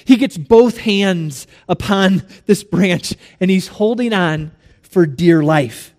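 A male pastor delivering a sermon in a church, telling a story with dramatic swings between soft and loud. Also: sits high, long reverb tail.

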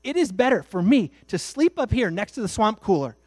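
Male preacher playing a fed-up, exasperated husband, fairly high-pitched and insistent. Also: big pitch swings, brisk, darkish tone, breathy edge, dry recording, heavily acted. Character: fed-up husband fleeing an angry wife.

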